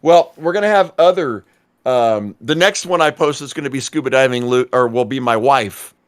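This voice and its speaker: A man's voice: medium pitch, normal speed, smooth. A man in his forties co-hosting a podcast over a call, easygoing and chatty. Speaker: podcast co-host. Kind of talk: casual chat.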